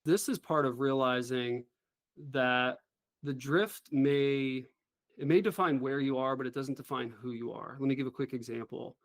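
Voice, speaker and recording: A middle-aged man, a former helicopter pilot, telling a story as an interview guest in an earnest, animated way. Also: medium pitch, moderate pace, no room sound.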